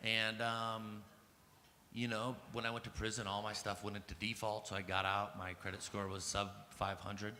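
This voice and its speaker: A man's voice: lowish voice, flat delivery, moderate pace, sharp tone, slight background noise. Fired-up man telling his story in a hall. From United States. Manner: casual and profane, heavy use of "like" and "um"; grows fired up and emphatic. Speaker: conference speaker. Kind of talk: personal storytelling talk. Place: large conference hall. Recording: long hall reverb with faint ambience.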